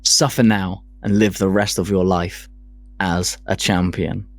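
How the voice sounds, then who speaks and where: A man's voice: low voice, little pitch movement, a little slow. A man co-hosting a casual podcast, reading from notes, swearing casually and laughing at himself. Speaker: podcast co-host presenting a segment.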